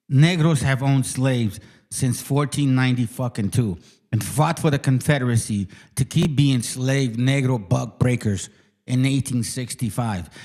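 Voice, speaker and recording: A man's voice: medium pitch, darkish tone. A man hosting his channel, ranting through biblical commentary with heavy swearing and repeated challenges to viewers. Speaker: channel host. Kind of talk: profane biblical commentary rant.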